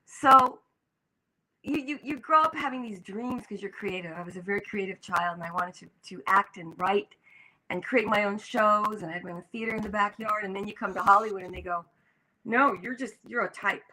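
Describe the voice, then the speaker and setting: Bright-voiced older actress telling stories. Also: female voice, medium pitch, a little fast, poor audio. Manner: animated, acts out quoted voices. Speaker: guest actress. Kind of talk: storytelling in an interview.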